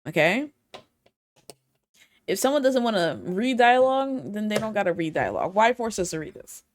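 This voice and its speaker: A woman streaming a video game, chatting casually and reading the characters' dialogue aloud with quick asides. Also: medium pitch. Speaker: gaming streamer. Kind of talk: casual let's-play commentary.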